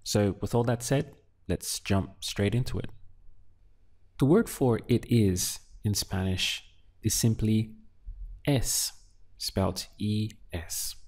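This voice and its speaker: Slow, patient male language teacher. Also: on the low side, a little mellow. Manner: patient, syllable-by-syllable drilling with pauses. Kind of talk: slow, deliberate language lesson.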